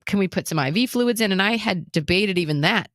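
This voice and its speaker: Speaking briskly in a medium-pitched voice, a woman co-hosting a casual podcast-style talk show recounts a personal story. She animatedly performs other people's lines with nervous laughs, in clean studio sound with no room tone.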